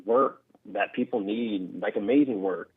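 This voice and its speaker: A man's voice: on the low side, unhurried, breathy edge. A male caller speaking casually and earnestly over the phone, with lots of filler words. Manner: casual, earnest, says like a lot. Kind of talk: call-in phone conversation. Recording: phone line.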